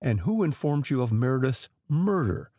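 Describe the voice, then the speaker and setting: A man's voice: mid-range voice, big pitch swings, moderate pace, a little mellow, dry recording. A man reading the part of a grim, persistent police inspector who questions in a dry, probing way.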